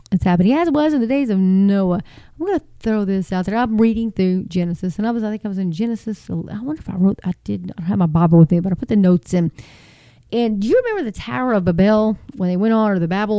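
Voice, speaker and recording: A woman's voice: medium pitch, very fast, dark tone, smooth, no room sound, studio quality. A woman hosting Christian prophecy news commentary in a casual, rambling way, with frequent fillers and asides.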